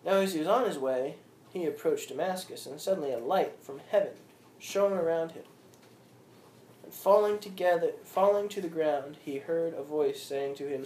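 A man's voice: fairly high pitch, moderate pace, a little mellow. A man leading an informal Bible study, reading scripture aloud and then explaining it with questions to the group. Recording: roomy with faint background noise.

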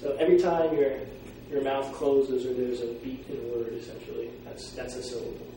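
A man teaching a Greek class, explaining pronunciation and sounding out words slowly. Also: mid-range voice, dark tone. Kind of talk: classroom lecture. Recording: echoey room from far off, faint noise.

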